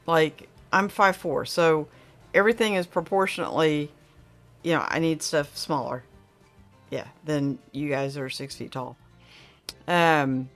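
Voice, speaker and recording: A middle-aged woman, hosting a casual livestream chat and reading viewer comments aloud in a rambling, friendly way. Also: lowish voice. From Oklahoma.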